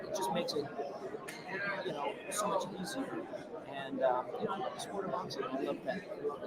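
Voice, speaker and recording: Brief: soft-spoken male guest, high voice, loud crowd around. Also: lively intonation, normal speed. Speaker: boxing ring announcer, guest. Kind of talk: casual interview chat. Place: busy media row outdoors. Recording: crowd noise behind. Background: loud crowd chatter.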